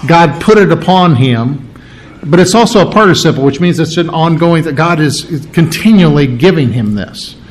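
Male preacher, slightly high voice, teaching sermon that unpacks key words with firm emphasis. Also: animated, moderate pace, rough recording. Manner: explains word meanings step by step, restarts and stresses key words. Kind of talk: expository sermon.

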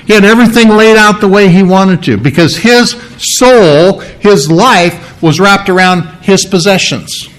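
Earnest preacher man, slightly high voice. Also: a little slow, few pauses, a bit bright, poor audio. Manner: earnest, repeats key phrases for emphasis; explains scripture word by word, teacherly. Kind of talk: sermon with Bible reading.

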